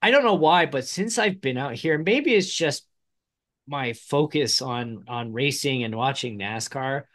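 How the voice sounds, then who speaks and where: A man's voice: medium pitch, expressive, unhurried, a bit bright. A man with a slight Midwestern accent co-hosting a casual talk show, chatty and rambling, laughing often. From Midwest United States. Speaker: podcast co-host. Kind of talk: casual chat.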